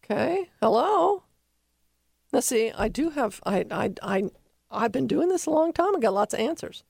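Woman, radio host, dog behavior expert, animated and rambling, gravelly, dry studio sound. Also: on the high side, normal speed, no room sound. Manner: animated, rambling advice with restarts. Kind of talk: radio talk show advice.

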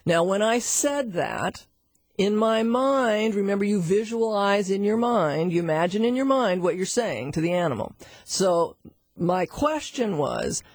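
Husky middle-aged woman teaching animal communication, chatty storyteller, dry close sound. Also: mid-range voice, animated, measured pace, dry recording. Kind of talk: storytelling lesson.

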